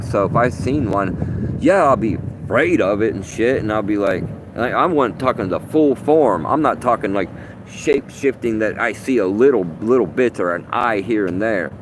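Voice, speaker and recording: A man rambles through a live outdoor stream, swearing freely and getting animated as he talks. His voice sits in an ordinary middle register. Steady wind noise buffets the microphone. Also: medium pitch. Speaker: livestreamer. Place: outdoors under open sky.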